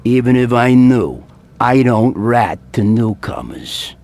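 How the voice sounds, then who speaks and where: A man voicing a gruff, cynical barkeeper of a seedy pub, blunt and mocking in a video game. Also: mid-range voice, big pitch swings, slow, a little mellow, a little hiss or hum, full character voice. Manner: blunt, mocking and world-weary.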